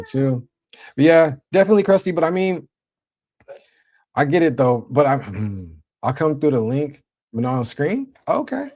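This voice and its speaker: A young man with an ordinary mid-range voice hosts a relaxed livestream from his desk. He talks loosely and casually in slang, greeting viewers and reacting to the chat as he goes. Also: medium pitch. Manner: laid-back slang-heavy, shouting out chat. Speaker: livestream host.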